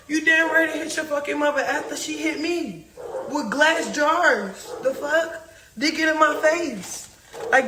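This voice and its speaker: A young woman telling a heated, profane story fast and animatedly, acting out what others said. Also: sits high, background noise. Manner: profane, rapid, animated, acts out quotes. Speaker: reality star telling her side. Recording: echoey room.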